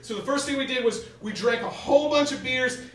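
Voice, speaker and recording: A young man on a theater stage delivering stand-up comedy, with a very high and bright, forceful voice. He tells his stories in an animated way, breaking into shouted bits. The sound is roomy and heard from a distance, like a camera out in the house. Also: a little fast. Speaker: stand-up comic.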